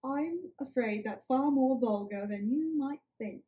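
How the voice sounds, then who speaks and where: A woman's voice: sits high, measured pace, mellow, highs cut off. A woman reading the lines of a playful, prim British man who teases. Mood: teasing.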